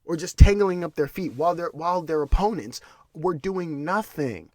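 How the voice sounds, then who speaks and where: A man's voice: a little high, animated, normal speed, a little mellow, no echo. A man hosting a podcast, ranting in casual solo commentary with restarts and repeated words. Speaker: podcast host.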